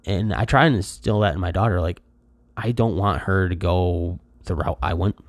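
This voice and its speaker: Gravelly low-voiced man rambling casually. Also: moderate pace, no room sound, clean studio sound. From Michigan. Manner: rambling, lots of fillers and restarts; lively when acting out quotes. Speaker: podcast host. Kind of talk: casual chat.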